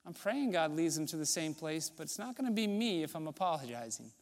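A man gives a sermon in a lightly pitched voice, talking to the congregation like a friend. He asks rhetorical questions and sinks into soft, low tones for emphasis. His words ring out with a long reverb, as in a large sanctuary. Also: expressive, a little fast. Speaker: pastor.

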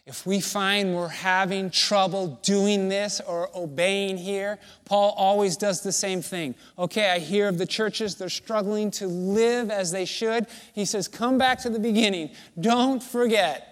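A man preaching a sermon as pastor, slow and deliberate, with emphatic pauses between phrases. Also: high-pitched, fairly even intonation, fairly bright tone.

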